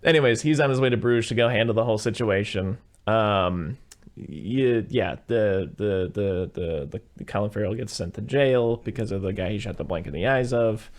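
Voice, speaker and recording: A man hosting a podcast, casually retelling a film plot in a rambling way, with quick put-on voices for the characters. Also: lowish voice. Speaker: podcast host. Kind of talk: casual chat recapping a film.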